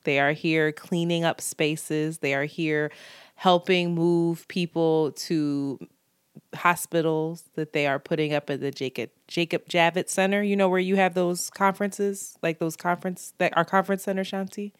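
A woman co-hosting a podcast from home, talking casually, candid and animated, swearing freely. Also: fairly low pitch, normal speed, clear, resonant tone, no echo, studio quality. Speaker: podcast co-host. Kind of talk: casual chat.

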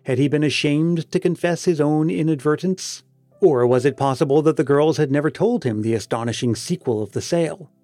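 A man reading a story aloud as narrator, in a measured way that slows for emphasis. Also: on the high side, dark tone, dry recording, soft background music. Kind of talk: audiobook narration.

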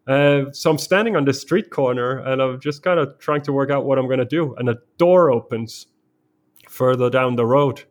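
A man speaks as a guest in a conversation. He tells his story vividly, in the present tense, at a middling pitch. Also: normal speed. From Denmark.

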